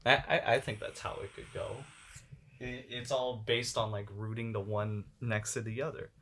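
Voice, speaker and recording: A man's voice: fairly low pitch, little pitch movement, normal speed, fairly bright tone, slight background noise. A young man hosting a casual podcast chat, rambling, swearing a lot and laughing often. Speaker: podcast host.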